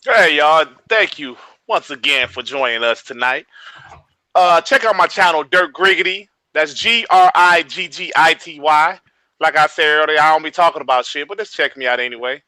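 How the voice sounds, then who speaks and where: A man's voice: a little high, normal speed, bright, forceful tone, no echo. A man speaking as a regular podcast panelist in easygoing, upbeat casual chat.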